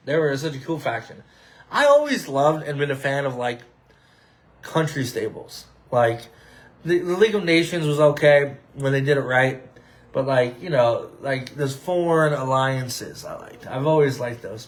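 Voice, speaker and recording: A man's voice: on the high side, poor audio. A man hosting his own podcast, chatting casually and rambling with many fillers, restarts and upbeat asides. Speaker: podcast host.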